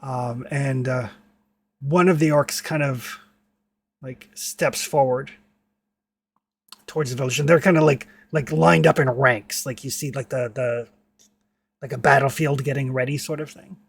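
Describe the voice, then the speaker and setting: A man's voice: mid-range voice, steady tone, unhurried, gravelly, long pauses, husky. A man narrating a tabletop game as game master, rambling with many filler words.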